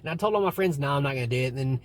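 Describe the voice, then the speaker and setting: A man's voice: medium pitch, very fast. A young man casually vlogging and telling stories in a rambling way, with lots of swearing. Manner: rambling, swearing, animated retelling. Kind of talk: casual storytelling to camera.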